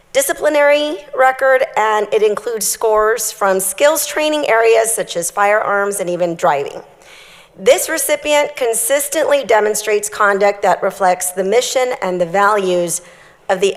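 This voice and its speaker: A woman hosting a ceremony, announcing awards in an upbeat, friendly way. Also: mid-range voice. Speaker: ceremony emcee. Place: large hall. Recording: reverberant hall.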